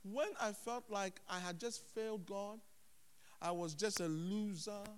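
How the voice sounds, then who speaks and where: A man preaching a sermon as a pastor, animated, dropping to hushed tones and then rising loud. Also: high-pitched, unhurried, clean tone. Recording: long hall reverb.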